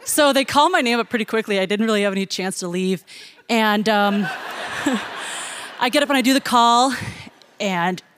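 A woman's voice: medium pitch, normal speed, long pauses, background noise. A woman telling a personal story in a chatty way, laughing often and using many fillers.

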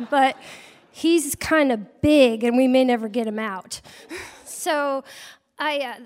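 A woman wildlife biologist telling a personal story live, in a humorous, self-mocking and animated way. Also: high voice, takes it slowly, in a large hall.

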